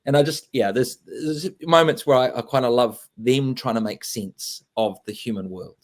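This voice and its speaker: An English man talks loosely and warmly about his book, circling back with fillers and restarts. His voice sits at an ordinary middle pitch. He speaks as a guest in a relaxed interview. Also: moderate pace. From England. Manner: rambling, many fillers and restarts, laughs often. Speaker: author guest. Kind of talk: casual interview chat.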